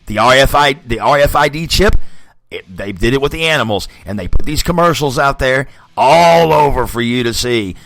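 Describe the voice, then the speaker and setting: A man's voice: medium pitch, expressive, normal speed, a bit bright, no echo, studio quality. A man hosting a podcast, delivering a profane, blunt ranting monologue and laughing often. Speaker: podcast host.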